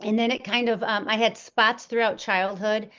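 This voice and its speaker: A woman's voice: a little high, fairly even intonation, normal speed, a bit bright. A woman being interviewed, telling her personal story earnestly, with many fillers and restarts. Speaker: interview guest. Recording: dull lo-fi audio.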